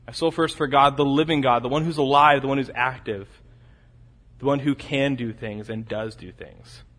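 Emphatic preacher, a man with a higher voice. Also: in a large hall. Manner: emphatic, swings between loud urgent peaks and quiet low drops; repeats key phrases for emphasis. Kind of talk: expository sermon.

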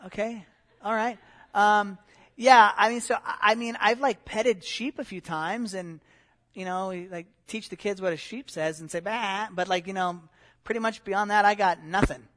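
A man's voice: high voice, fairly even intonation, moderate pace, a bit bright. A middle-aged man giving a conversational sermon as a pastor, with many fillers and restarts.

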